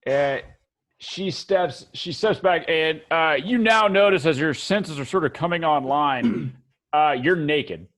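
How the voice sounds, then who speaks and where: Slow, halting male game master. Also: a little high, fairly bright tone. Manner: halting, many fillers and restarts. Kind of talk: narrating a tabletop game.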